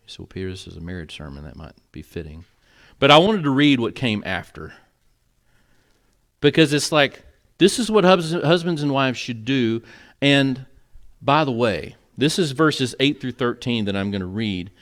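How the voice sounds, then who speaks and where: A man's voice: mid-range voice, a bit bright. A male pastor preaching an earnest, conversational sermon in a church, with moments of emotion. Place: church sanctuary.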